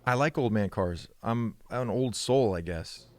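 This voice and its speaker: Low-voiced man telling stories. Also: measured pace. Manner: animated storyteller, acts out quoted dialogue with rising pitch. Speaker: podcast co-host. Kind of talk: casual chat.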